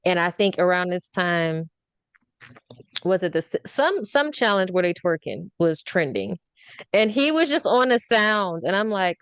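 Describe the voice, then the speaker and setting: A woman's voice: on the low side, unhurried, clean tone, no echo. A woman hosting a podcast, chatting casually and ranting with frequent laughter. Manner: animated ranting, laughs often. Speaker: podcast host.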